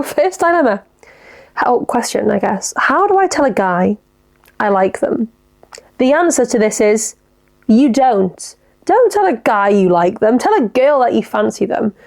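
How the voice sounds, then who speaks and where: A woman's voice: medium pitch, vocal fry. A young woman hosting a casual solo podcast, talking frankly and swearing freely as she reads out listener dilemmas. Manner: chatty, frank, sweary, animated. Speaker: podcast host.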